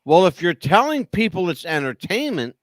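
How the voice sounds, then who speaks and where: This podcast co-host talks wrestling in a relaxed, rambling way at a normal speed, with no room sound. He tells stories emphatically, his pitch moving lively throughout.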